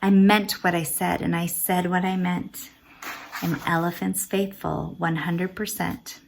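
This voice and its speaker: A woman voicing a gentle, faithful male elephant in a storybook, speaking softly and earnestly. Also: low voice, slow, slight background noise, pitched below the performer's own voice, heavily acted.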